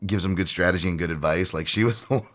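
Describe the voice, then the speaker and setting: Low-voiced man rambling on a podcast. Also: fast, a bit bright. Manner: rambling and profane, with frequent fillers and laughs. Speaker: podcast host. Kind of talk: casual solo podcast talk.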